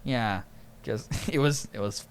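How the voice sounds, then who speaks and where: A man's voice: mid-range voice, takes it slowly, heavy background noise. A young man hosting a podcast, rambling through casual stories and laughing often. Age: young adult. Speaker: podcast host. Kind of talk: casual chat.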